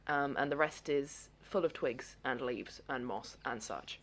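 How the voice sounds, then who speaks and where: Woman, tabletop player, very low voice, dry, matter-of-fact. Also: measured pace. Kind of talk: describing a character in a tabletop game.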